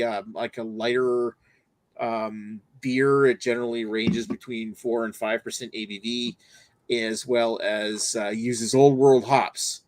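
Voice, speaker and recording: A man hosts a casual beer review livestream, talking in a loose, rambling way. His pitch is middling and the sound is dry and close. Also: no echo. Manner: rambling, lots of fillers and restarts. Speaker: host.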